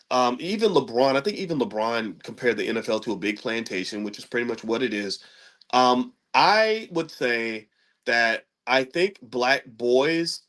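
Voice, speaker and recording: A middle-aged man from Kentucky hosting an opinion commentary, preachy, throwing rhetorical questions at his audience. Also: medium pitch. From Louisville, Kentucky. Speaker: host.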